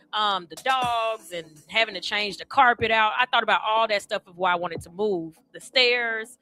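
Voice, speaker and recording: Bright-voiced woman radio host. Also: mid-range voice. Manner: candid, chatty, addresses listeners directly. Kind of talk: candid personal talk-radio monologue. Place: radio studio.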